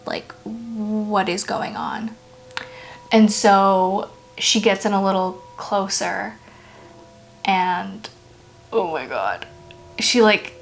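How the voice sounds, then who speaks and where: A woman's voice: medium pitch, slow pace, a little hiss or hum. A young woman from Brazil casually telling family ghost stories, chatty and full of "like" fillers. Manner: chatty, filler-heavy with frequent "like", animated retelling. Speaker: storyteller, channel host. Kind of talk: casual spoken ghost storytelling.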